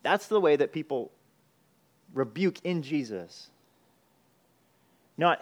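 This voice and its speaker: A male pastor with a fairly high voice delivers a sermon in an earnest, conversational tone. He leans on rhetorical questions, and he often repeats and restarts his words as he works through a point. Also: animated, slow pace, pauses often.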